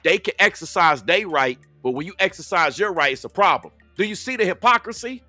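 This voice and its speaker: High, animated man in heated commentary. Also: a little fast, dry recording, faint music behind. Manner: confrontational, preachy, repeats points with rhetorical questions; loose slangy talk aimed at the audience. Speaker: commentator reacting to video clips.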